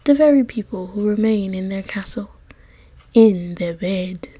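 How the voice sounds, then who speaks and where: A woman putting on a hushed, theatrical royal storyteller. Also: mid-range voice, lively intonation, measured pace, husky, no room sound. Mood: dramatic hush. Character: grand dramatic storyteller of a royal tale. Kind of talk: voiceover over a life-sim game.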